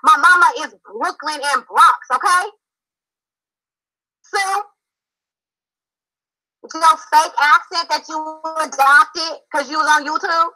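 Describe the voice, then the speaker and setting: A woman's voice: high-pitched, fairly even intonation, takes it slowly, pauses often, pushed and bright, poor audio. Confrontational woman on a call. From Philadelphia. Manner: confrontational, emphatic and repetitive. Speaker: panel guest. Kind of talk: heated live-stream call-in.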